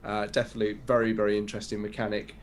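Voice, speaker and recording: A man's voice: fairly low pitch, completely flat delivery, fast. A man co-hosting a podcast, chatting casually and rambling through a rundown of video games. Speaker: podcast co-host. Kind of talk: casual chat.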